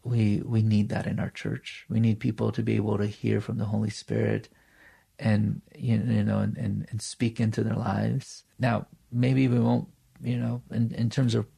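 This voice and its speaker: A man's voice: lowish voice, level tone, normal speed, gravelly, mellow, breathy edge. A man, a pastor and church planter, telling personal stories in a podcast conversation, earnest and full of fillers and restarts.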